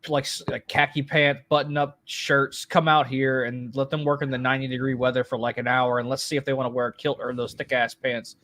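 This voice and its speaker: Southern guy cohosting a podcast, blunt, swears a lot, mid-pitch voice. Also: flat delivery, a little fast, few pauses, fairly bright tone. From American South. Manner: blunt, profane, argumentative. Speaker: podcast co-host. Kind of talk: casual chat.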